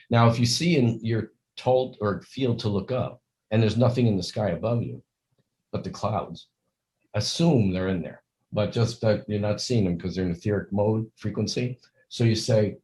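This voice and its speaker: An older man with a fairly low voice and a mellow tone, talking as an interview guest. He speaks earnestly and rambles in long stretches. He acts out the lines he quotes. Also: normal speed, poor audio. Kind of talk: conversational interview.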